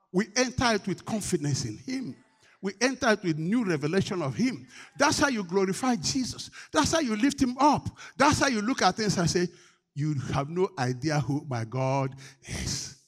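A man preaching a sermon to his church, moving between loud, shouted declarations and quieter call-and-response where he prompts the congregation to answer. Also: expressive, moderate pace, breathy edge. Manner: swings from shouted exhortation to low coaxing call-and-response.

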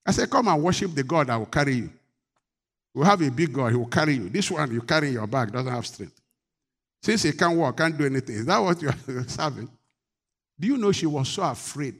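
Lively man preaching. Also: on the high side, brisk, husky. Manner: preaching with swings from quiet to shouted rebuke. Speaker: pastor. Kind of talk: sermon.

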